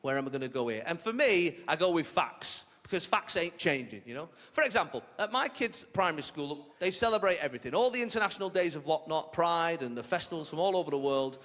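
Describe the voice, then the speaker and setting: Animated British comic on a big stage. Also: male voice, on the high side, fairly quick, hardly any pauses, in a large hall. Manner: animated, cheeky, slips into silly character voices. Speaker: stand-up comedian. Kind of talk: stand-up comedy set. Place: large theatre stage. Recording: live theatre recording with audience laughter.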